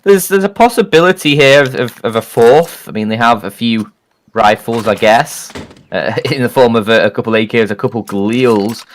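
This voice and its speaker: A man's voice: medium pitch, normal speed. Guy casting an fps match, jokey and chatty, some faint noise behind him. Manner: joking, chatty, laughs often. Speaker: esports caster. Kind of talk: play-by-play commentary.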